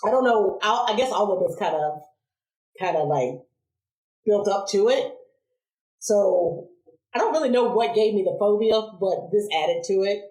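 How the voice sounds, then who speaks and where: A woman's voice: mid-range voice, moderate pace, long pauses. Laughing woman telling stories in a roomy space. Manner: animated and laughing, acts out voices in her stories. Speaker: podcast guest. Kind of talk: casual storytelling interview. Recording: roomy echo.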